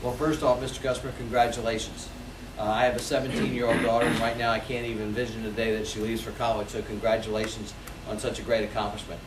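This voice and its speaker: Energetic man giving a sales seminar. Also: medium pitch, fast, noisy background. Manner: energetic, role-plays customer calls. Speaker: sales trainer. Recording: echoey room, mic from a distance.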